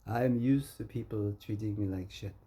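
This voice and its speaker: A man's voice: fairly low pitch, moderate pace, warm tone, slightly rough. A man from Canada in a rambling, confrontational monologue, talking straight at someone he keeps calling friend. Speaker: vlogger. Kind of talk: ranting monologue.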